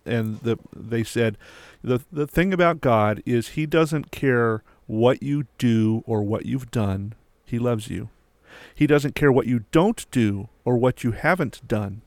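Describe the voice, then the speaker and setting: A man hosting a podcast, warmly affirming his guest and reflecting on faith. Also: mid-range voice, no room sound. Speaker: podcast host. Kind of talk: podcast interview.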